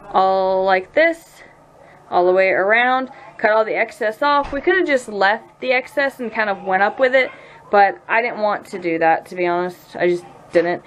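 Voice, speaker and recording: A woman's voice: medium pitch, a little hiss or hum. A woman in her thirties with a Southern US accent, chatting casually at home in a vlog and often laughing. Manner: laughing storyteller, animated impressions. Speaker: vlogger, mother. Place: home, indoors.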